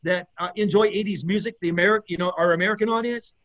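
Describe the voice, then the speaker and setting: A man, a bass player, chatting as an interview guest in a rambling, enthusiastic way with many fillers and restarts. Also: quick pace, fairly bright tone. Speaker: guest musician, bassist. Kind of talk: casual interview chat.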